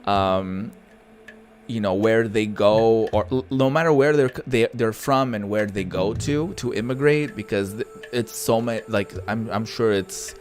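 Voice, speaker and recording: Rambling young man, deep voice. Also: a little slow, soft background music. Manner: rambling, heartfelt, many fillers and restarts. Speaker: gaming streamer. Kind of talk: casual gameplay commentary.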